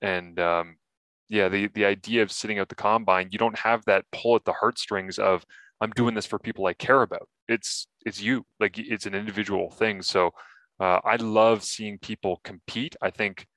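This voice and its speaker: Man, low voice, casual sports talk, animated storyteller, dry close mic. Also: moderate pace, no echo. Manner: animated storytelling, frequent fillers. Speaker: podcast host.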